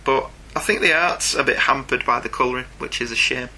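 A man's voice: mid-range voice, fairly quick, sharp tone. A man co-hosting a podcast, chatting casually and in detail about comics with a dry humour. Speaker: podcast co-host. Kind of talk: casual chat reviewing comics.

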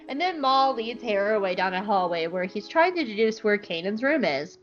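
A woman's voice: medium pitch, lively intonation, brisk, hardly any pauses, soft background music. A young woman hosting a podcast, recapping an episode in a chatty, irreverent way and swearing casually. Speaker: podcast host. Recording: slightly muffled lo-fi recording.

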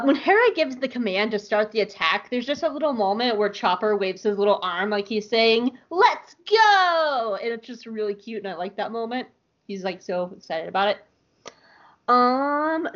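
Animated, cursing woman podcaster from the South. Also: medium pitch, normal speed. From American South. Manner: animated, swears freely, laughs often. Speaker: podcast co-host. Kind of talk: casual chat. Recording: lo-fi audio.

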